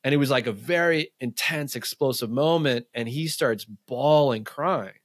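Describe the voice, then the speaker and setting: A man, a men's coach, talking in a casual podcast conversation, telling animated stories full of "like" and acted-out quotes. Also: mid-range voice, normal speed, no echo, studio quality.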